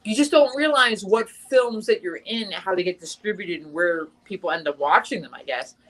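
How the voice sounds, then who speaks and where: A woman's voice: on the low side, moderate pace, a bit bright, rough recording. A young adult woman chatting casually in an interview as the guest actress, talking in long runs with lots of fillers and restarts.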